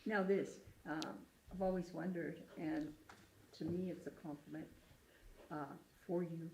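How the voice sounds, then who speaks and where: A woman interviewer asking measured questions in an oral history interview. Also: low-pitched, steady tone, mellow. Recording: echoey room, faint noise.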